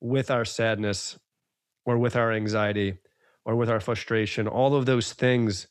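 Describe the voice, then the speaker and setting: A man's voice: fairly low pitch, steady tone, a little slow, clear, resonant tone, dry recording, studio quality. A man hosting a podcast, talking in an earnest, emphatic way and circling back over his points. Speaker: podcast host. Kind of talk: casual podcast conversation.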